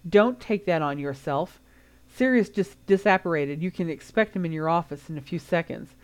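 Woman reader doing a gentle, soft-spoken ex-teacher, measured, storybook read. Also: fairly low pitch, clean tone, close to an everyday voice. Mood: quiet. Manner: quiet, measured. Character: quiet, gentle grown man, a former teacher.

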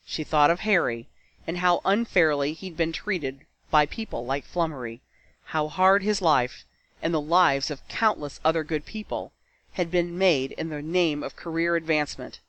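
Man reading fiction aloud, higher voice. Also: normal speed, a bit bright, no echo, poor audio. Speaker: narrator. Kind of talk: fan fiction audiobook reading.

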